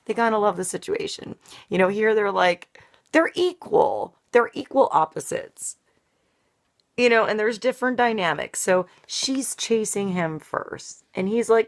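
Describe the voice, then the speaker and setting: A woman's voice: fairly low pitch, gravelly. A woman giving a casual tarot reading, rambling with lots of "like" and frequent laughter. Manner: rambling, laughing, heavy use of "like". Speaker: tarot reader.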